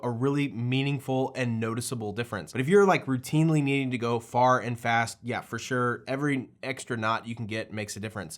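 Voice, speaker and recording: A man, hosting an aviation video and talking casually about his own plane, with light laughs. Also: medium pitch. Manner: conversational, laughs lightly, plain-spoken. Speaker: aviation channel host and plane owner. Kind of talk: casual explainer to camera.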